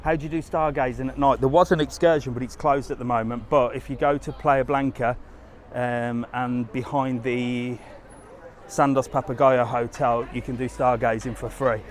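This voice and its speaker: Here a travel vlogger strolls outdoors down a resort street during a live stream, easily chatting with viewers and reading out their comments. His mid-range voice holds a steady tone at a moderate pace, and his manner is easygoing and direct. A slight background noise sits under the recording.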